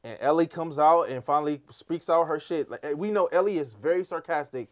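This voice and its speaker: A man with a high voice joins a casual after-show discussion. He backs up his co-host with quick agreements and retells scenes by quoting the characters.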